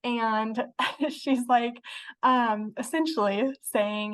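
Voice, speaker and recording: A woman's voice: a little high, fairly even intonation, moderate pace. A young woman telling a personal story as a guest in casual conversation, with many fillers. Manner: chatty, many fillers, laughs while telling. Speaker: interview guest.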